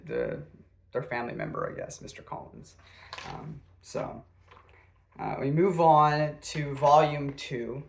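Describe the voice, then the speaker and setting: A man's voice: mid-range voice, vocal fry, a bit bright. A man casually reviewing a classic novel, rambling and self-deprecating, with frequent fillers. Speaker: book reviewer.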